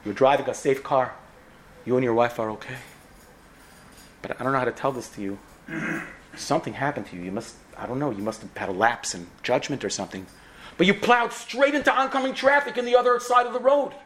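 A man voicing a calm female nurse who speaks in a hushed, soothing way. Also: medium pitch, a little fast, slight background noise, natural voice.

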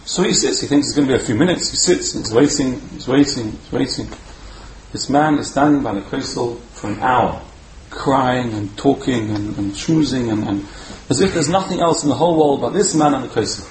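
A man giving a storytelling sermon as a Torah speaker, animated and repeating words for emphasis. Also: medium pitch, normal speed. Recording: roomy echo, faint background hum.

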